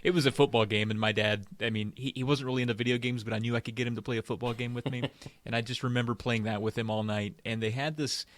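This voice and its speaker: A man's voice: medium pitch, fairly even intonation, quick pace, no room sound. A man co-hosting a casual podcast, telling stories in an easygoing way and laughing often. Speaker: podcast co-host. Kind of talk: casual storytelling chat.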